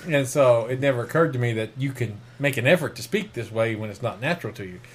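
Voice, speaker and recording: A man in a casual podcast chat about films, animated and jokey, quick with playful asides. His voice sits at a middle pitch and the sound is clean. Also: slightly rough. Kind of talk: casual movie discussion.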